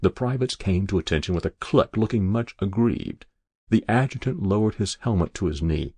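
A man narrating an audiobook in a measured, even storytelling way. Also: lowish voice, slightly rough, no echo.

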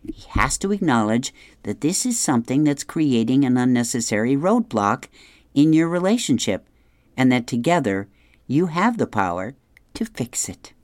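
A radio host with a medium-pitched, very animated voice reads an advice column and describes comic strips aloud, clearly amused and chuckling as he goes at an unhurried pace. There's no echo.

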